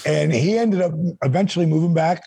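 A man with a raspy, gravelly voice telling an animated story in casual chat, acting out the quotes. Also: brisk, slight background noise. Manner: animated, acts out quotes with big pitch jumps. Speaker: guest storyteller.

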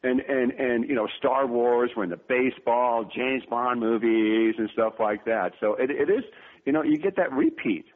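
A man in his fifties, a podcast guest telling family stories in a jokey, animated way, full of repeated words and quick impressions. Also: mid-range voice. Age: 50s. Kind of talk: animated storytelling interview. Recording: tinny phone-line audio.

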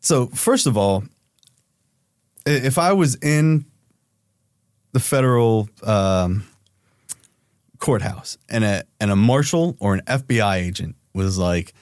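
A man's voice: animated, slow, pauses often, a little mellow, dry recording, studio quality. A man telling a wild story as an investigator, swearing freely and acting out the quotes. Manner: swears freely, acts out quotes with raised pitch. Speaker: private investigator guest. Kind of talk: casual storytelling interview.

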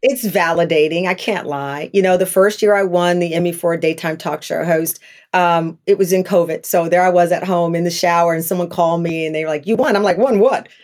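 A woman's voice: on the low side, steady tone, a little fast, darkish tone. A woman in her fifties, a talk show host being interviewed, speaking candidly and animatedly, acting out past exchanges in a raised voice.

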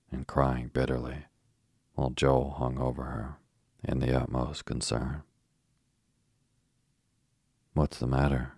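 A man with an extremely deep, husky voice reads a bedtime story slowly and softly. His delivery stays almost level, with very little rise or fall in pitch. The recording is close and dry. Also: no echo. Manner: slow, soft and steady, for falling asleep. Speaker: narrator.

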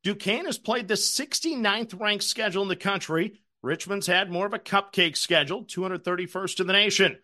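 Bright-voiced man recapping his bets. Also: high-pitched, a little fast, hardly any pauses. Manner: chatty, self-deprecating storyteller. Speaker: sports betting show host. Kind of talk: casual betting recap and picks.

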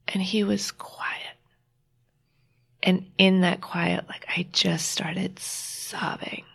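A married woman, a guest author, telling a personal story in a reflective, halting way, often restarting and quoting what others said. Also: on the low side, steady tone, gravelly. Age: adult, married with a child.

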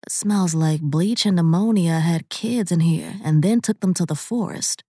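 A woman's voice: on the low side, moderate pace, dark tone, husky, dry recording, studio quality. A woman voicing a brash, loyal young woman who jokes and pushes her friend along. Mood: wisecracking. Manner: joking, pushy, reassuring.

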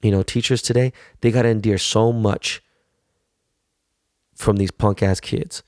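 A man's voice: fairly low pitch, fairly even intonation, measured pace, a little mellow, no echo, studio quality. A middle-aged man ranting casually and bluntly, swearing heavily and repeating words when he gets worked up. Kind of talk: profane casual rant.

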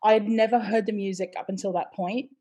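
A middle-aged woman from the United States, a stage performer chatting as an interview guest, telling lively stories with laughter and the odd swear word. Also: medium pitch, fast talker. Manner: animated storyteller, swears, laughs often. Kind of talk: casual interview chat.

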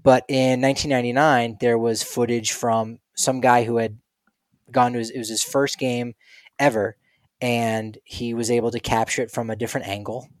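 A man co-hosting a relaxed podcast conversation, spinning stories and slipping into playful quoted voices. His voice sits at an ordinary middle pitch, and the recording is close and dry. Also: moderate pace, no room sound. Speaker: podcast co-host. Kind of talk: casual chat.

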